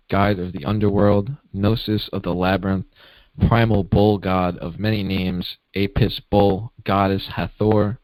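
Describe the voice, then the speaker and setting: A man co-hosting a podcast, talking calmly and reading passages aloud in a measured way. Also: low voice, dry recording, low-quality recording. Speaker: podcast co-host. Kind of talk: casual conversation and reading aloud.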